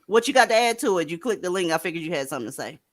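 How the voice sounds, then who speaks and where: A woman's voice: lowish voice, animated, racing. A woman hosting a live online panel, blunt, profane and joking with callers. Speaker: livestream host.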